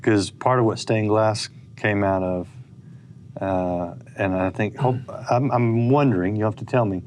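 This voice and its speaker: Man with a low voice, talk show host, asking probing questions. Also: a little slow, a little mellow.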